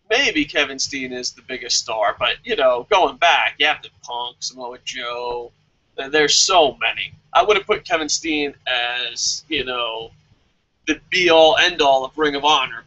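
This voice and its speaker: A man hosting a wrestling question-and-answer vlog, talking in an animated, sarcastic way and swearing freely. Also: fairly high pitch, muffled recording. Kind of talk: casual opinionated commentary.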